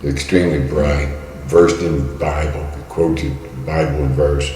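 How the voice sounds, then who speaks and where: In his sixties and from Kentucky, this man tells stories casually as a guest, rambling with plenty of fillers and restarts. His voice is a low rumble with a dark tone, delivered flatly and a little slowly. The recording sits in a roomy hall with long reverb and faint noise.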